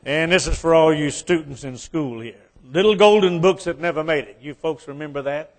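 A man's voice: on the high side, normal speed. Man, West Virginia origin, Appalachian accent, folksy joking sermon, fervent exhortation. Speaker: guest preacher.

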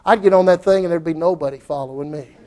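A man's voice: on the high side, fast talker, mellow. A middle-aged man preaching a sermon in a church, folksy and repetitive, rising to fervent outbursts.

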